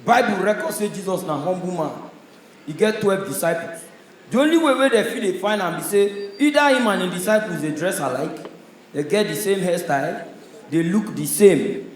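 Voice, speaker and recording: A man with a Nigerian accent doing a stand-up comedy set on a stage, telling stories in a loud, punchy way. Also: high voice, expressive, normal speed, reverberant, slight background noise, low-quality recording. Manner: loud, punchy storytelling in pidgin.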